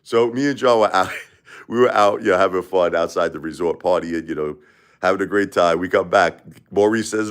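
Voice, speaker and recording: A man's voice: low voice, fairly quick. A man hosting a live stream, telling a casual, rambling story full of asides and "you know"s. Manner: rambling, digressive, frequent "you know" and "right?".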